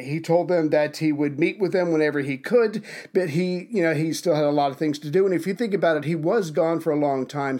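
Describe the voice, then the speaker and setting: A man's voice: a little high, a little mellow. A man co-hosting a casual history podcast, summarizing events and dropping wry, sarcastic asides. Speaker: podcast co-host.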